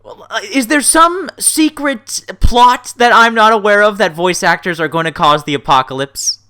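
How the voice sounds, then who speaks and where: A man hosting a casual interview, jokey and excitable, laughing often. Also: sits high, moderate pace, clean tone. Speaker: interview host.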